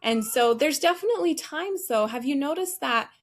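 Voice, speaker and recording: A woman who trains customer service staff answers interview questions with an energetic, emphatic coaching tone. Her voice is high-pitched and she speaks at a normal speed.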